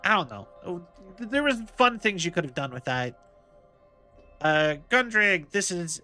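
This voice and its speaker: A man's voice: high-pitched, very animated, measured pace, bright, forceful tone, faint music behind. A man streaming a game, chatting casually and rambling as he thinks aloud. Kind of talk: casual live gameplay commentary.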